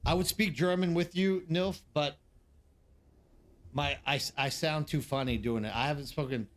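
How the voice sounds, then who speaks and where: A man's voice: on the high side, moderate pace. Chatty man streaming to his chat. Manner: rambling, talks straight to the chat. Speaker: game streamer. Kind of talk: casual live-stream chat.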